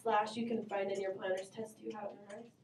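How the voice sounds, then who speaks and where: Speaking fast in a flat, mid-range voice, a woman math teacher runs an upbeat classroom lesson, quizzing students and calling on them. The camera mic sits across the room, so she sounds far off in a roomy space with a faint hum.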